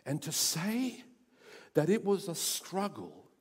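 A male pastor preaching a sermon, building to loud emphatic runs and then dropping to hushed, intense passages. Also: a little high, wildly swooping pitch, slow, slightly rough. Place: church sanctuary. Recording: church hall reverb.

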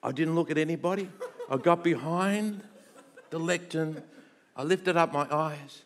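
Here the middle-aged preacher's voice sits a little high, and his pace is a little slow. He animates a personal story within the sermon, going hushed at times and bursting out loudly at others.

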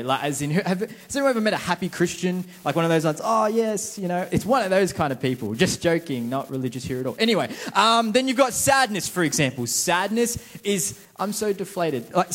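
A young man giving a casual, joking sermon to a church congregation and quizzing the crowd. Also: fairly high pitch. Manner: chatty, self-mocking, quizzes the crowd. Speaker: preacher. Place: church service before a congregation.

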